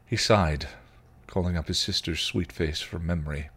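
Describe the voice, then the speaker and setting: Podcast host, male, very deep voice, expressive read-aloud narration. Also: moderate pace, husky. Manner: expressive storytelling. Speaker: podcast host reading a story. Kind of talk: reading fan fiction aloud.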